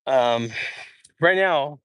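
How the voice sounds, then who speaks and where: Young male streamer, slightly higher voice, chatty and filler-heavy, overheated on an outdoor walk, dry phone-mic sound. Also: expressive, very slow, a bit bright, smooth, dry recording. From Idaho. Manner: chatty, rambling, many fillers and restarts. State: hot and sweaty from walking. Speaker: livestream host answering chat. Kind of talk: casual walk-and-talk livestream. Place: outdoors in a large public park.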